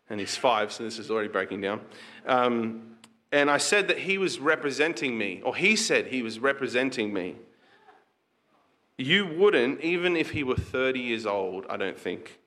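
A man's voice: mid-range voice, bright, forceful tone. A pastor preaching a conversational sermon to his congregation, asking rhetorical questions and reading scripture aloud.

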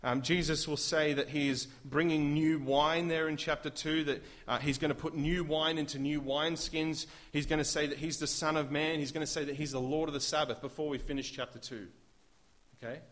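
A man preaching a sermon, emphatic and full of rhetorical questions, rising to loud declarations. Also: a little high, fairly even intonation, a little fast.

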